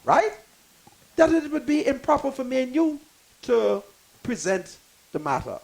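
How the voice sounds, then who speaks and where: An older Bahamian man speaks in an unusually high voice with plenty of gravelly fry. His pitch jumps around a lot as he tells emphatic, preachy stories on a talk show, and now and then he bursts into a shout. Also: very animated, measured pace, low-quality recording. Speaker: guest. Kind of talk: talk radio discussion.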